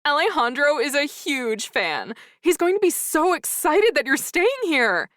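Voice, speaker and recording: A woman's voice: mid-range voice, big pitch swings, a little slow, fairly bright tone, dry recording, clean studio sound. A woman voicing a starstruck female desk clerk who gushes and squeals. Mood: squealing. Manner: squealing, gushing.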